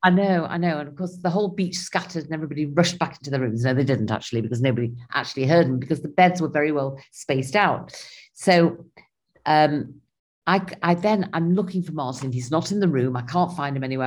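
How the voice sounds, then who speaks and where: A woman's voice: low-pitched, brisk. A woman, animatedly telling a personal travel story in casual conversation. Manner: animated, acts out her own and others' lines.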